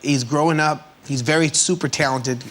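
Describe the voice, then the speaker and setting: A man's voice: fairly high pitch, steady tone, normal speed, fairly bright tone. A man in casual chat on a television studio talk show, telling stories in a laid-back, playful, slangy way. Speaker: chat show guest, musician.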